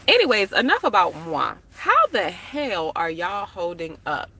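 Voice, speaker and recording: A woman's voice: lowish voice, big pitch swings, measured pace, few pauses, noisy background. A woman from the United States chatting casually to her live-stream viewers from a parked car, talking straight to them with slang and asides.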